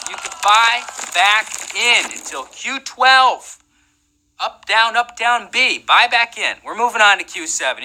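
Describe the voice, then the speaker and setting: A man's voice: sits high, bright, forceful tone, poor audio. A man hosting a live trivia game show, playful and jokey, keeping the energy up.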